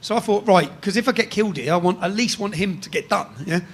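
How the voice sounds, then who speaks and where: An English man telling a rough story in casual chat, swearing freely and tagging sentences with "yeah?". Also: high-pitched, quick pace. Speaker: guest storyteller.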